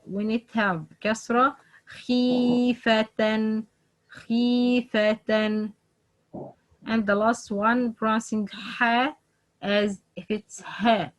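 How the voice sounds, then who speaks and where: A woman teaching Quran letter pronunciation online, speaking haltingly with many fillers and repeated example sounds. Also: medium pitch, muffled recording.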